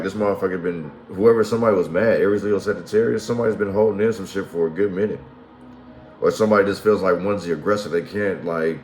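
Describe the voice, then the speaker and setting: A man's voice: low voice, darkish tone. A man giving a casual tarot reading, slangy and profane, who keeps checking that the listener follows him. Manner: slangy and profane, keeps asking "you feel what I'm saying". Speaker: tarot reader. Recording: roomy echo, faint music behind.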